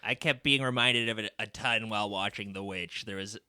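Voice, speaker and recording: Very bright-voiced rambling podcast man. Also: fairly low pitch, a little fast, dry recording. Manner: rambling, many fillers and restarts. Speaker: podcast co-host. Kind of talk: casual chat.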